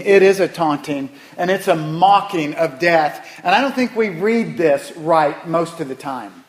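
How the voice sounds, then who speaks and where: A man preaching a sermon as pastor, emphatic and animated, repeating phrases for weight. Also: high-pitched, a little slow, few pauses.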